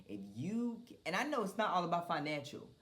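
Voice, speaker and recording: A young woman with a notably low-pitched voice, hosting her own podcast. She talks in a loose, casual monologue, venting bluntly and passionately with plenty of swearing. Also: big pitch swings, brisk, a bit bright. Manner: blunt, profane, impassioned venting. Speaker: podcast host.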